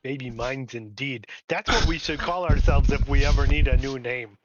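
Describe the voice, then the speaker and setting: A man playing in a live tabletop game, tossing out deadpan jokes in and out of character. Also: mid-range voice, normal speed, dull audio, a little hiss or hum. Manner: joking, deadpan quips. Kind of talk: casual in- and out-of-character play.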